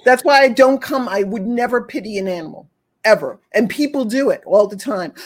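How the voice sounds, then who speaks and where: A woman's voice: a little high, sing-song, normal speed. Earnest woman animal communicator. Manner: earnest, repetitive, acts out pitying voices. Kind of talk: casual conversation.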